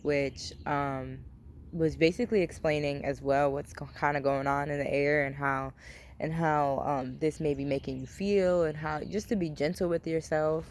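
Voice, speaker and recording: A woman's voice: low-pitched, fairly even intonation, normal speed, a little mellow, a little hiss or hum. Rambling, cursing young woman vlogger. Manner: rambling, swears freely, many fillers; open and confiding. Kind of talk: casual personal vlog talk.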